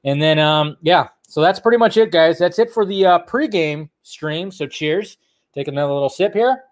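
Male streamer host, casual, loose and chatty, slightly higher voice. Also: moderate pace, no echo, studio quality. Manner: laughing, rambling, animated. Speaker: livestream host. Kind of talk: casual livestream chat.

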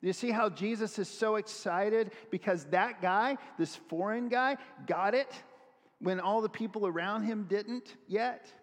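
A high-voiced man preaches with lively energy and slips into the voices of the people in the story as he reads. His voice carries a long reverb, as if he speaks in a large hall. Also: measured pace. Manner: animated, acts out voices while reading scripture. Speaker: pastor. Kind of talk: sermon.

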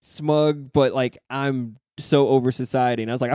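A man's voice: mid-range voice, normal speed, a little mellow, no room sound. A young man talking in a loose, rambling way, full of swearing and easy laughs. His voice sits mid-range and sounds close and dry, with no room around it. It is casual chat between friends.

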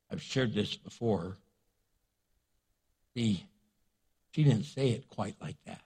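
A man pastor preaching a sermon in an animated, jokey way. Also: fairly low pitch, slow, pauses often, husky.

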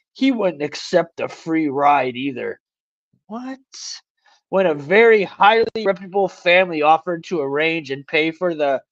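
Man co-host, slangy and jokey, reads news aloud, higher voice, dull lo-fi mic. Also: no room sound. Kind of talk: casual call-in talk show banter.

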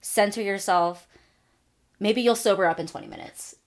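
A young adult woman co-hosting a podcast, telling a long story in casual chat, animated and full of fillers, acting out her own thoughts. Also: mid-range voice, moderate pace, vocal fry. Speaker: podcast co-host.

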